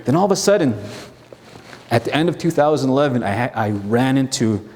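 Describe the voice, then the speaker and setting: A man's voice: medium pitch, lively intonation, brisk, a little mellow, a little hiss or hum. A man giving a motivational keynote on stage, telling his story with energy, acting out both sides of conversations and asking the audience direct questions. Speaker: keynote speaker. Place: large conference hall stage. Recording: long hall reverb.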